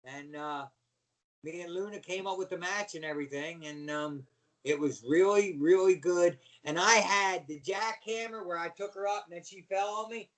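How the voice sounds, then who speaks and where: A middle-aged man with a fairly high voice tells wrestling stories on a podcast. He acts out every character, shouts and laughs, and jumps from quiet asides to loud outbursts. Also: normal speed. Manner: animated storyteller acting out voices, yelling and laughing. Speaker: guest, former pro wrestler. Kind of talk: storytelling on a podcast.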